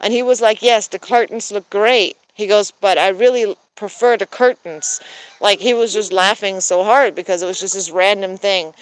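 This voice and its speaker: A woman's voice: mid-range voice, moderate pace, clear, resonant tone, poor audio. A woman in her thirties who grew up in Germany as an American, chatting casually to viewers, laughing often and filling her talk with ums and restarts. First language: bilingual German and English. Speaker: backyard poultry vlogger.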